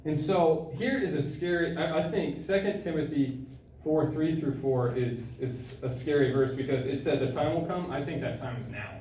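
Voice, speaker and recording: A young man giving a sermon to a student group, telling a personal story in a casual, animated way with frequent laughter. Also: fairly high pitch, moderate pace. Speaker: student speaker. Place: large room at a student gathering. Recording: echoey room, from far off, faint noise.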